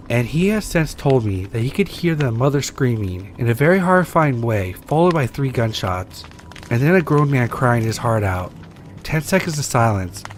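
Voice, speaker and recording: Man reading scary stories, lively pitch. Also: slight background noise. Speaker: story reader.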